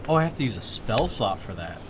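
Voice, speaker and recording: A man's voice: on the low side, big pitch swings, quick pace, background noise. A man playing a tabletop game, talking casually and hesitantly. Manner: hesitant, laughs often. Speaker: player.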